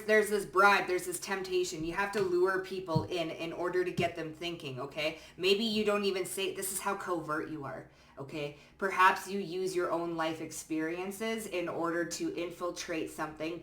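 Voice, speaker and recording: A woman's voice: on the low side, a bit bright, echoey room, distant mic. A woman giving a casual pick-a-card tarot reading. She chats freely, swears casually and keeps checking in with "okay?" and "you know what I'm saying?".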